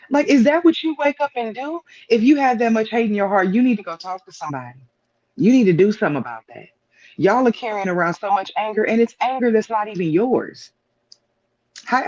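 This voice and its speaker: A man's voice: sits high, a little mellow. A man speaking as a guest on a live stream, making his point with repeated rhetorical questions. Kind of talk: casual opinion talk. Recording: dull lo-fi stream audio.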